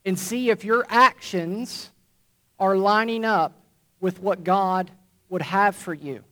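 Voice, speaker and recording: A man preacher delivering a sermon to a congregation, emphatic and deliberate, repeating key phrases for weight. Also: high-pitched, fairly bright tone. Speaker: pastor. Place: church congregation.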